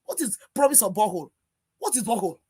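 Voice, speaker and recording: Over a video call on a live stream, a panelist with a Nigerian accent vents her anger and exasperation through repeated rhetorical questions. Her medium-pitched voice is mellow and breathy at the edge, very fast, with big swings in pitch.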